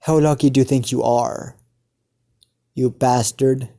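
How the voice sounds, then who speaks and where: A man's voice: mid-range voice, fairly even intonation, unhurried, mellow, natural voice. A man voicing a vengeful, hot-tempered young male hero in a fan-made story, speaking in his own everyday voice. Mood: menacing. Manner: smirking, impatient.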